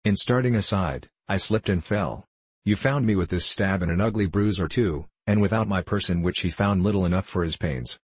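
A man with a very low, husky voice playing a polite, formal young gentleman in an audiobook. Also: normal speed, dry recording. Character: young gentleman, polite and earnest, recounting a robbery.

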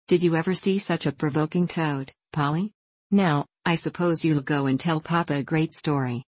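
A fashionable older girl, petulant and quick to fret, as a woman reads her. The voice sits low and is recorded dry and close. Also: fairly even intonation, a little mellow, no room sound. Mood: fretful. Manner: petulant, fretful.

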